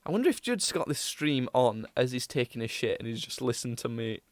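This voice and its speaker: A man's voice: mid-range voice, sing-song, a little fast, no room sound. A young man hosting a podcast, rambling casually with lots of fillers and self-mocking asides. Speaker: podcast host. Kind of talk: casual chat.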